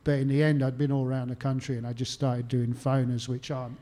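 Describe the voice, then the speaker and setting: A man's voice: medium pitch, level tone, fast, warm tone. An Australian man, a historian and author, answering interview questions with anecdotes and self-deprecating humour, acting out phone calls as he goes. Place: stage talk at a literary venue.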